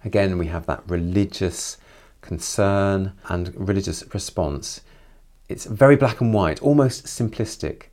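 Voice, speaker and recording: Low-voiced man, reflective book commentary. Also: measured pace, darkish tone. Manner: reflective, with personal asides. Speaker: literature commentator. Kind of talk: chapter summary and commentary on a novel.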